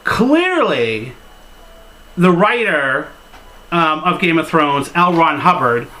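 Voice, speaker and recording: A man's voice: a little high, unhurried, bright, forceful tone, rough recording. A man delivering a crude, exasperated comedy rant as a video reviewer, full of swearing and filler "like"s.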